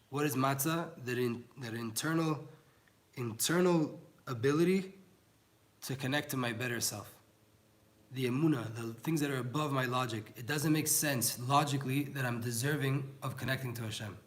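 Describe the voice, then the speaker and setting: A man's voice: mid-range voice, normal speed. A young man giving an informal Torah class, earnest and pleading, mixing in words. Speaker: Torah teacher.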